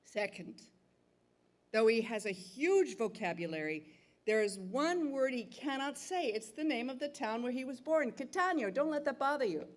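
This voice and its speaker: A woman's voice: high voice, lively intonation, normal speed. A woman voicing an honest, resigned poor farmer giving a plain warning. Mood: earnest.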